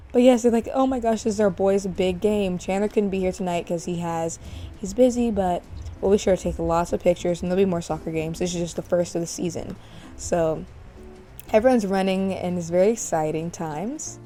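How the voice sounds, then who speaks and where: Mellow-voiced woman narrating a life-sim let's play. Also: fairly low pitch. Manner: chatty, narrates and speculates, with gasps and laughs. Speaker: gaming channel host.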